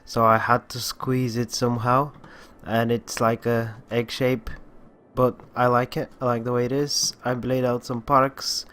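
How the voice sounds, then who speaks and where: Sounding like he just woke up, a man hosting a gaming channel narrates a city-building session at a relaxed pace, often starting sentences over. His voice is mid-range and level, with a fairly bright tone.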